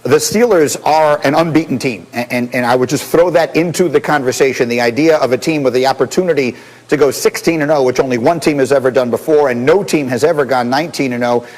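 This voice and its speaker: A man hosting a sports talk show, brisk and steering the panel discussion. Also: mid-range voice, a little mellow, big-room sound, rough recording. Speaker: host.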